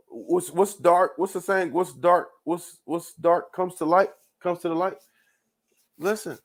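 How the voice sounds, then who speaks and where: A man hosting his own show, ranting in loose commentary with frequent profanity, repeated words and laughs. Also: a little high. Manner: rambling, profane, repeats himself, laughs often. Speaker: show host.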